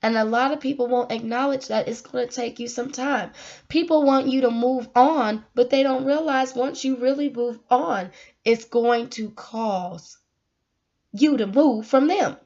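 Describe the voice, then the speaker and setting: A woman's voice: on the high side, a little slow, darkish tone. A woman talking to the camera in a casual, emotional monologue, earnest and preachy, often breaking into laughs. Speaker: vlogger giving life advice. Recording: dull lo-fi sound.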